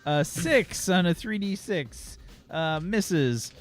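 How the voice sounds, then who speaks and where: A man running a tabletop game as game master, relaxed and laughing often, explaining rules with plenty of fillers. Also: high voice, slow pace, faint music behind.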